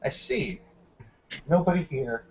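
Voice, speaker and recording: A man voicing a cold, sly male guard captain who speaks quietly and sarcastically. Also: fairly high pitch, big pitch swings, takes it slowly, dull audio, slight background noise, exaggerated voice. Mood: cold menace.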